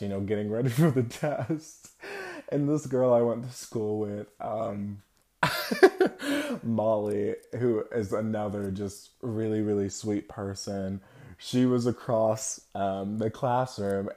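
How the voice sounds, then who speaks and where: Candid young man with a low voice. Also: warm tone. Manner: candid, reflective, halting. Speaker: vlogger. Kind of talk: personal storytelling to camera.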